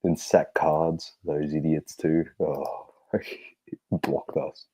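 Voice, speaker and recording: Australian man, very low voice, mellow tone, sweary casual podcast storyteller. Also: level tone, very slow, breathy edge, poor audio. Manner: loose, sweary, laughing storyteller. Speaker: podcast co-host. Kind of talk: casual sports podcast chat.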